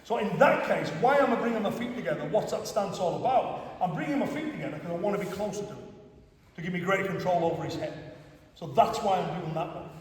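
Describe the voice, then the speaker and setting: A man's voice: high-pitched, lively intonation, fast talker. A man with a Cumbrian accent teaching a karate class, talking in a chatty way and often checking in with his students. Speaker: karate instructor. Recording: echoey hall from far off.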